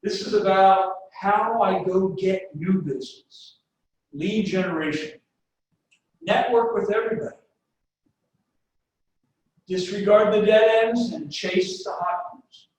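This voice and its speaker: A man running a webinar sales presentation, pitching his points through homespun stories and direct questions to the listeners. His fairly high voice comes from a mic set some way off. The room is strongly echoey, with a faint hiss underneath. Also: unhurried, a little mellow, distant mic. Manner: folksy, anecdote-driven, talks straight to the audience. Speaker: sales trainer.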